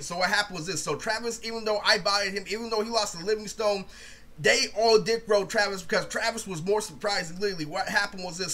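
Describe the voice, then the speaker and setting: High, bright-voiced ranting young man. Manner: rambling, profane, keeps saying "literally". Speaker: video creator. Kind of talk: casual storytime rant.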